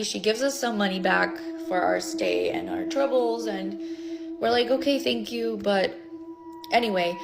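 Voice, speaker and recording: A woman telling viewers a travel story to camera in an animated, chatty way, with lots of fillers and restarts. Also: medium pitch, creaky.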